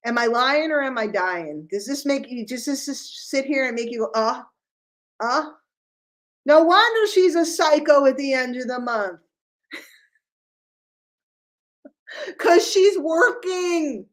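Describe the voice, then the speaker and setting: A middle-aged woman from New York City giving an animated business talk to her sales group, full of rhetorical questions. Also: high voice, moderate pace, few pauses.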